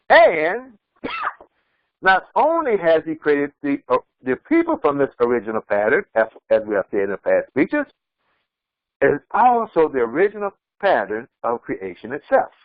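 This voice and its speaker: A man's voice: a little high, wildly swooping pitch, measured pace, long pauses, no room sound, dull audio. A man preaching as an imam, emphatic and repetitive, often restarting his words mid-sentence. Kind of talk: sermon.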